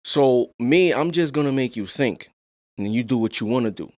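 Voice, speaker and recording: Soft-spoken man hosting a podcast. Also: mid-range voice, normal speed, no room sound. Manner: soft-spoken and calm, rising to animated emphasis. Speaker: podcast host. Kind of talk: casual podcast discussion.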